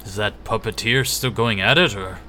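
A man's voice: lowish voice, normal speed, bright, forceful tone, a little hiss or hum. A man playing a tabletop game, earnest and a little puzzled. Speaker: player. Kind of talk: casual game chat.

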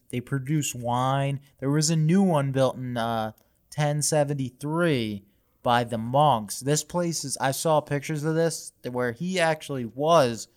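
A man hosting a podcast, casually retelling a history story with profanity and frequent laughter. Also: medium pitch. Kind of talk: casual comedy podcast narration.

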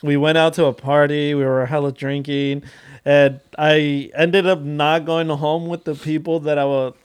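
A man's voice: fairly high pitch, little pitch movement, unhurried, smooth. A man, co-hosting a podcast in laid-back slang and chiming in casually. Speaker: podcast co-host. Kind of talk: casual chat.

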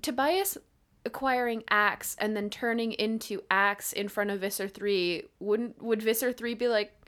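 A woman's voice: mid-range voice, measured pace, a bit bright. A woman from Canada co-hosting a podcast in casual chat, rambling and laughing often, with a casual habit of swearing. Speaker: podcast co-host.

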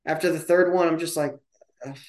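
A man's voice: a little high, steady tone, fairly quick. A man co-hosting a podcast in loose casual chat, laughing often and making jokes at his own expense. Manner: laughing, self-deprecating, loose. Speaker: podcast co-host. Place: home room with a bar behind him. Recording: roomy echo.

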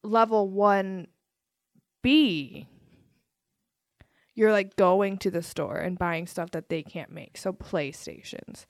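A woman's voice: medium pitch, takes it slowly, long pauses, dry recording, studio quality. A woman co-hosting a podcast, chatting casually and joking about a movie. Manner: jokey, playful improv. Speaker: podcast co-host.

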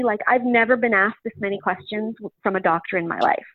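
Woman, interview guest, chatty storytelling, lots of ums, fairly high voice, tinny phone-like sound, dry. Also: brisk, few pauses, no room sound. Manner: chatty, frequent "um" fillers. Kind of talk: personal storytelling in conversation.

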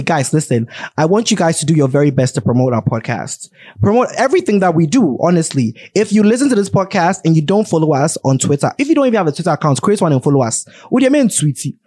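A man's voice: on the high side, darkish tone, no echo, studio quality. A young man with a Ghanaian accent hosting a podcast in a playful, joking way, slipping into pidgin. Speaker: podcast host. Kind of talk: casual podcast chat.

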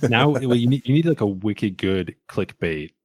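A man's voice: medium pitch, animated, moderate pace, a little mellow. A man co-hosting a casual podcast, rambling and goofing around. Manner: goofy, rambling with restarts. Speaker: podcast co-host.

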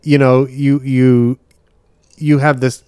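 A man's voice: medium pitch, flat delivery, slow pace, mellow, clean tone, no room sound, clean studio sound. A man co-hosting a comedy podcast, rambling and hesitant in a casual chat and giggling often. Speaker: podcast co-host.

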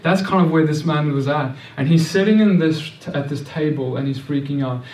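A man's voice: on the high side, brisk, darkish tone, distant mic. Earnest preacher man in an echoey room. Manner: earnest, repetitive, with many restarts and stammered words. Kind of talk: sermon.

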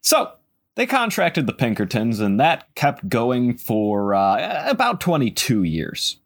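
A man at a mid pitch hosts a casual podcast, carrying a history story and cutting in with sarcastic jokes. His voice leaps up and down constantly, swinging far across his range as he tells it. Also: slow pace. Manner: animated, sarcastic asides, swings between storytelling and banter.

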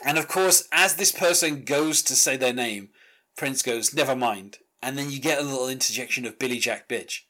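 A bright, forward male voice at a middle pitch. He talks in a chatty, loose way about a record, full of ums and "you know"s, and quotes the lyrics as he goes. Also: moderate pace. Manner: chatty, many fillers, reads lyrics aloud. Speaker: music podcast host. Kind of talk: casual chat, track-by-track album discussion.

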